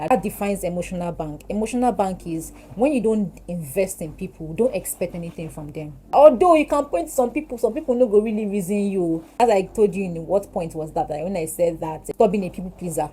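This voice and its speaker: A woman in her twenties with a Nigerian English accent, chatting while doing her makeup, animated and giggly. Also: on the low side, quick pace, a little hiss or hum, low-quality recording. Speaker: beauty vlogger. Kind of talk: casual get-ready-with-me chat.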